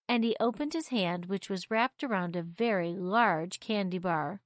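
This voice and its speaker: A woman gently and expressively reading a children's story aloud. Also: mid-range voice, moderate pace, few pauses, no room sound, clean studio sound.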